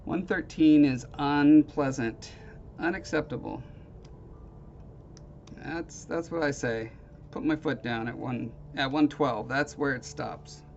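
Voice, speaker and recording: A man's voice: on the high side, takes it slowly, gravelly, darkish tone. A man casually chatting with viewers on his live stream, rambling and self-deprecating, with hesitant restarts. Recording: dull lo-fi stream audio with faint noise.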